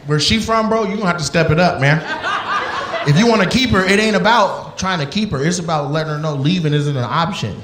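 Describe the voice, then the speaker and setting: A man's voice: a little high, background noise. A male comedian doing profane, teasing crowd work with audience members. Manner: teasing, profane, quick banter. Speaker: stand-up comedian.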